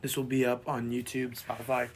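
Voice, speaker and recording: A man co-hosting a casual sports podcast who has lost his voice and sounds hoarse and boyish, rambling and repeating himself as he talks sports. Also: mid-range voice, completely flat delivery, fairly quick, heavy background noise. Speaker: podcast co-host.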